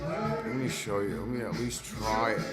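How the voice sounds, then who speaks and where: A man's voice: mid-range voice, big pitch swings, normal speed, over loud music. Rambling man chatting on a live stream. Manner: rambling, talks to his dogs and chat viewers. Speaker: vlogger hosting a live stream. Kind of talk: casual live-stream chat.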